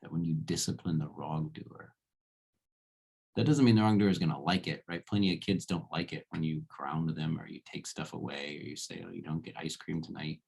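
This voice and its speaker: Low, gravelly male philosophy lecturer. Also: moderate pace, a little mellow. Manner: conversational, checks in with rhetorical "right?". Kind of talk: casual spoken lecture.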